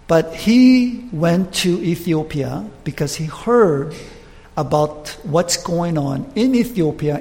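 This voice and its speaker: A man preaching, retelling a story with lively restarts and acted quotes. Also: a little high, vocal fry, long reverb tail. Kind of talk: sermon storytelling.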